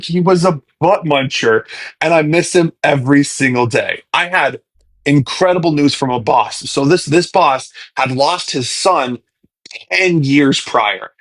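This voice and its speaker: Guy in his 20s rambling to his followers, kinda high voice, keeps going off on tangents. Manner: rambling, drifts off on tangents and restarts sentences. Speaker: social media personality answering followers. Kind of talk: casual chat straight to followers.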